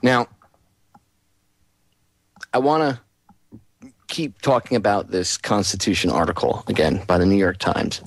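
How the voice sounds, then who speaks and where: A man's voice: fairly low pitch, dry recording. Ranting male talk radio host, dry sound. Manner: ranting, sarcastic.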